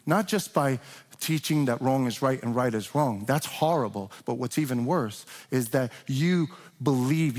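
A man's voice: mid-range voice, a little slow, darkish tone. A man preaching a sermon as pastor, passionate and emphatic, pressing his points with rising questions. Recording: long reverb of a large hall.

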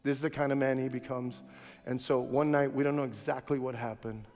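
A man's voice: medium pitch, level tone, a little fast, darkish tone. A male pastor preaching a sermon in an impassioned storytelling manner, in a large church sanctuary. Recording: long hall reverb with faint music.

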